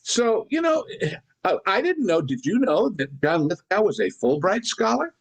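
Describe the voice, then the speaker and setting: A man on a podcast about films, chatting casually and winding through long anecdotes with side tangents. His voice sits a little higher than most men's. He talks in a relaxed, rambling way, trailing off and picking the thread back up. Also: normal speed. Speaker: podcast co-host. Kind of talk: casual film discussion.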